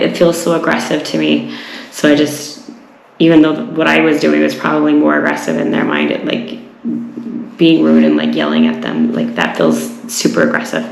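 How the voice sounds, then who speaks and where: A woman from Utah chats casually on a walk, rambling and restarting her sentences with plenty of fillers. Her voice sits low with a gravelly fry. The sound is roomy, with a faint outdoor ambience behind her. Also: a little hiss or hum. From Utah, USA. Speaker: travel vlogger. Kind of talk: casual walking vlog.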